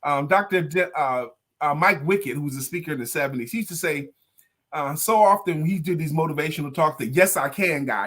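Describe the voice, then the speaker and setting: A man's voice: on the high side, animated, fairly quick, fairly bright tone. A man co-hosting a talk show, reacting with enthusiasm and retelling advice in a casual way. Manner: enthusiastic, exclaiming. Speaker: co-host, sales coach. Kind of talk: casual chat.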